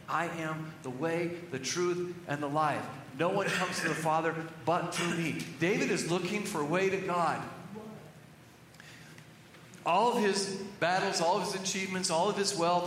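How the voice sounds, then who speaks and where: A middle-aged man, a pastor preaching a sermon in a church, telling earnest stories and dropping to hushed tones for emphasis. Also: sits high, a little hiss or hum. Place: church sanctuary. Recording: echoey hall reverb with faint ambience.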